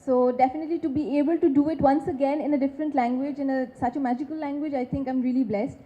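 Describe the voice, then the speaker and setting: A woman's voice: high-pitched, fairly even intonation, fast, dark tone. A woman from West Bengal, an actress, giving emphatic, effusive thanks at a film launch. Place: film launch event stage. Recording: dull lo-fi sound.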